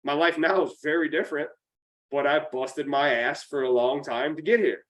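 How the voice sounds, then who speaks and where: This upstate New York man talks with a slightly high voice. He is a podcast guest giving blunt, profane, emphatic business coaching in casual motivational chat. He sounds a little distant from the microphone. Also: normal speed, slight background noise. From central New York.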